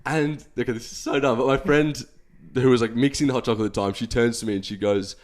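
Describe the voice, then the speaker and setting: A man's voice: medium pitch, fairly even intonation, quick pace, darkish tone. A young man, co-hosting a podcast and telling a long self-deprecating story in casual chat with lots of fillers. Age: young adult. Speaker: podcast co-host.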